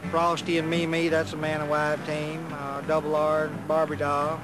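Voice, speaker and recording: Easygoing Kentucky trucker, flat-toned. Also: male voice, on the high side, normal speed, heavy background noise. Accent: Kentucky, mildly southern. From Louisville, Kentucky. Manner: easygoing, plain-spoken. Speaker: truck driver. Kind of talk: casual interview.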